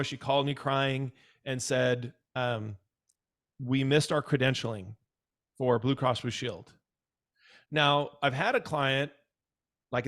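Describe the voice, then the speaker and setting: A man's voice: mid-range voice, fairly bright tone. A man working as a dental practice consultant, talking casually and with emphasis, often repeating himself and acting out what clients said. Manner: emphatic, repeats words, acts out quoted clients. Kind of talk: casual advisory talk.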